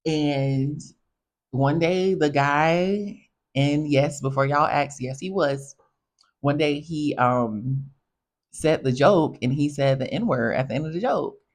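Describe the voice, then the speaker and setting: A young woman hosting a podcast, telling casual stories in a chatty, animated way and talking straight to her listeners. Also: sits low, takes it slowly. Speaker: podcast host. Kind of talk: casual storytelling monologue.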